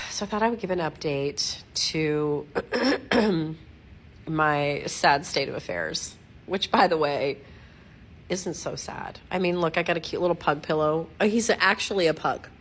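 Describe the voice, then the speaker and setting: A middle-aged woman at home giving a casual, rambling video update, giggling at herself, digressing often and clearing her throat. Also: deep voice, unhurried, slight background noise. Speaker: vlogger updating followers. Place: at home, lying against her dog.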